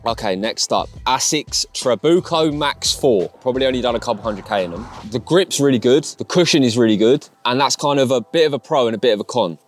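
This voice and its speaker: A man's voice: mid-range voice, expressive, fairly quick, few pauses, faint music behind. A young Englishman in a laid-back, slangy vlog chat, reviewing gear and narrating his run. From England. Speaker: host, endurance runner. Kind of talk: casual vlog talk and narration.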